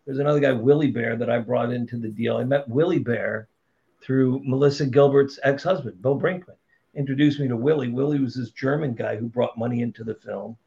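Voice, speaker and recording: A middle-aged man on a podcast spins blunt, profane, animated yarns about his career, his mid-range voice brisk and edged with vocal fry. It's casual storytelling, captured in dull lo-fi sound.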